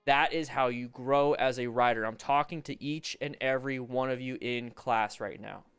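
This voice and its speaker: A man coaching motorcycle riders over a livestream, commenting on riding videos in an animated, joking, rambling way with restarts. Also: mid-range voice, normal speed, clear, resonant tone, soft background music.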